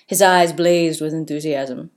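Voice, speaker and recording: A woman narrating a comic story in an expressive, playful way. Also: deep voice, measured pace.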